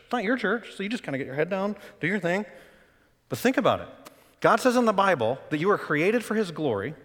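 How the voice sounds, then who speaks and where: A man preaching a sermon as pastor, talking conversationally and then rising to loud, emotional cries. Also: sits high, big-room sound.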